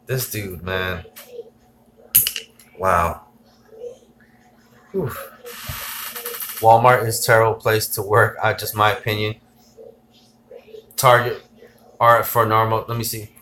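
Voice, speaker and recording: Bright-voiced man hosting a tech livestream. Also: fairly low pitch, slow pace, pauses often, slight background noise. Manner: excitable, rambling, reads comments aloud and gives shout-outs. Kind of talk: casual livestream chat reading viewer comments.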